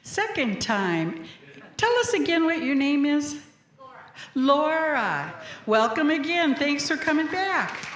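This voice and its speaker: A woman's voice: sits high, very animated, slow. A woman minister leading a church service, welcoming newcomers and leading a group reading. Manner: warm, welcoming, leads congregation in group reading. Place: church sanctuary. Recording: echoey church hall.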